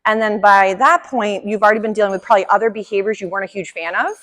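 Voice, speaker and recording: A woman's voice: medium pitch, quick pace, fairly bright tone. Woman dog trainer in an echoey room. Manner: friendly, chatty explaining with praise for the dog. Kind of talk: instructional demonstration.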